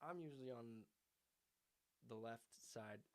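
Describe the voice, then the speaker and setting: A young man co-hosting a casual livestream, with a slightly raspy smoker's voice, chatty and swearing often. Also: mid-range voice, measured pace. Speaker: podcast co-host.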